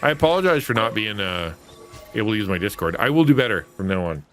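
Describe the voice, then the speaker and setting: This gaming streamer and host talks fast in a fairly low, slightly bright voice whose pitch swings widely. He gives casual live commentary on his gameplay, joking with chat and teasing himself while game music plays.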